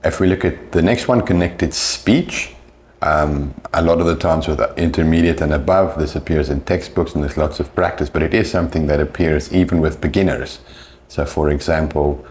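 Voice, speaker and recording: Very deep-voiced male English teacher. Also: darkish tone. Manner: patient, demonstrates sounds slowly. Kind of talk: explanatory talk on pronunciation.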